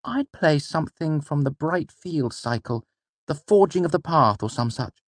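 Man voicing a high-pitched, proud young boy for an audiobook, quick to bite back. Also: expressive, no echo. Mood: eager. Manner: indignant, sharp retorts. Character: young boy, proud and bitter troupe child.

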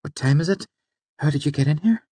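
A gentle, composed young woman speaks softly in a lifted voice, as a male narrator puts her on. Her lines are calm and obliging in a storybook reading. The sound is close and dry. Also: fairly quick, slightly rough, no echo. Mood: puzzled. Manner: soft, higher put-on voice.

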